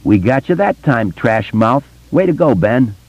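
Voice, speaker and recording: A man voicing a nervy, stubborn grown man with a raised, excitable voice. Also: medium pitch, unhurried, no room sound, voice pushed up, rough recording. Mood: laughing.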